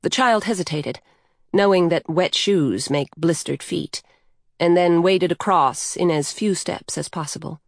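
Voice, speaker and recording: A woman with a slightly low voice reads a story aloud in a calm, even way. The sound is dry and close, with no room echo. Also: measured pace. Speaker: narrator. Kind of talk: scripted narration of a story.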